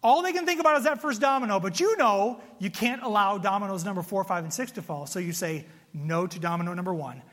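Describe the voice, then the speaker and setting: A man preaching a sermon, telling a story in an animated, self-mocking way before turning to his teaching. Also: sits high, quick pace, few pauses, long reverb tail. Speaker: pastor.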